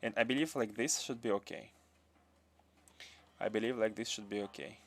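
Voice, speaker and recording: A man's voice: fairly low pitch, moderate pace. A man from Russia, with a Russian accent touched by French, muttering to himself as he builds in a game and answering chat on a livestream. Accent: Russian with some French. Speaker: game streamer. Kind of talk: casual livestream commentary while building.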